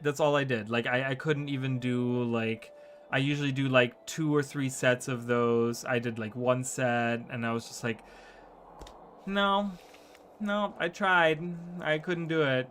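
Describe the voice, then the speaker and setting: A man chats loosely to his stream audience from his desk at home. He talks at a middling pitch, drifts from thought to thought and fills the gaps with "like" and "um". A faint hum of room ambience sits underneath his voice. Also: a bit bright. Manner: rambling, filler-heavy, often asks "right?". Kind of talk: casual chat to stream viewers.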